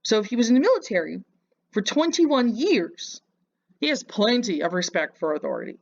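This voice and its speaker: A woman's voice: fairly high pitch, sing-song, moderate pace, a little mellow. Scolding woman, dull lo-fi audio. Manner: mocking, scolding, lecturing. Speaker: reaction commentator. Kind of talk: casual reaction commentary.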